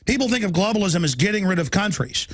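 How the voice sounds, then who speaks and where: A man hosting a talk show interview, talking in halting bursts with stammering restarts. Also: sits high, sing-song, fairly bright tone, husky, no echo.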